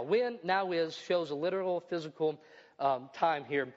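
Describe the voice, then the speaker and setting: A middle-aged pastor preaches in a church. His voice sits a little high for a man, and it rings with long reverb through a slightly dull, muffled recording. He works through scripture aloud and breaks in with his own homely asides. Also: measured pace. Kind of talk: sermon. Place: church building.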